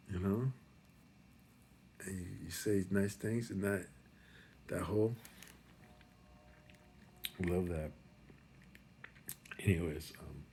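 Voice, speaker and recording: A man's voice: lowish voice, fairly bright tone. A man giving a rambling, profane pep talk in a casual monologue. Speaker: motivational speaker.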